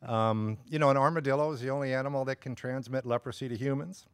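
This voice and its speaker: A man at mid pitch, talking as a guest on a studio show. He sounds relaxed and matter-of-fact and slips in dry jokes, and the sound is close and dry. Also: quick pace, clean tone, no echo. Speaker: guest, cooking show host. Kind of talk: studio interview chat.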